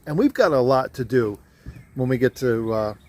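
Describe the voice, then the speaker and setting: A man's voice: mid-range voice, animated, moderate pace, a little mellow. A man in his sixties telling a joke in casual chat as a camping vlogger, outdoors at a campsite by a fire, filmed on a handheld camera. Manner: folksy storyteller.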